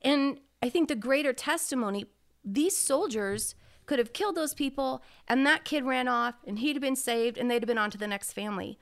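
Earnest higher-voiced woman telling a story. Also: fairly quick, vocal fry, a bit bright. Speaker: podcast co-host. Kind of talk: casual faith podcast talk.

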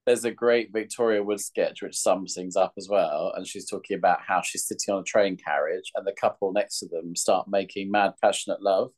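Chatty British man with a low voice. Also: steady tone, moderate pace, hardly any pauses. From Britain. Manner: chatty, laughs often, self-mocking storyteller. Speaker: podcast co-host. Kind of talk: casual chat.

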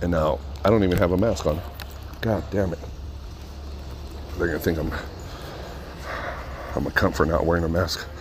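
A man's voice: deep voice, moderate pace, long pauses, background noise. A man vlogging casually while out shopping, talking into a phone held to his ear, rambling and swearing freely as he tells a story. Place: inside a large store.

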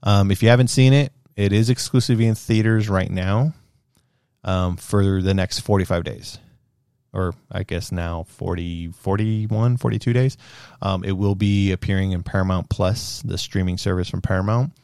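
A young man with a deep, gravelly voice rambles through a casual movie review, animated, full of fillers and the odd swear word. The sound is close and dry, with no room around it. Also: normal speed, no echo.

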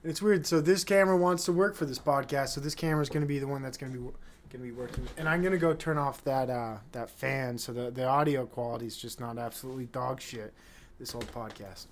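A man's voice: mid-range voice, steady tone, quick pace, a little hiss or hum. A flustered man hosting his own podcast, out of breath and rambling, swearing often as he fights his camera. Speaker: podcast host. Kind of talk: casual solo podcast chat. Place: small room with chairs, fan running.

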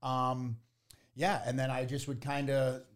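A man's voice: mid-range voice, level tone, measured pace. A man telling a story in casual chat, laid-back and rambling with many fillers. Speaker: tea business owner, guest.

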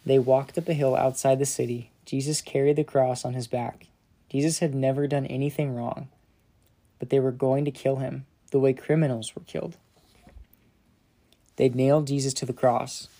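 Male narrator, mellow tone, gentle dramatic children's Bible storytelling, softens for solemn parts. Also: mid-range voice, flat delivery, normal speed.

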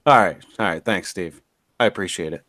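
A man's voice: low voice, a little fast, a bit bright. A man co-hosting a podcast in casual chat, a playful, crude joker. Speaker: podcast co-host.

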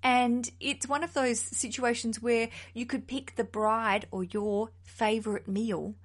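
A woman, hosting a casual solo podcast in a chatty, animated, self-mocking way. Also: a little high, unhurried. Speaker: podcast host.

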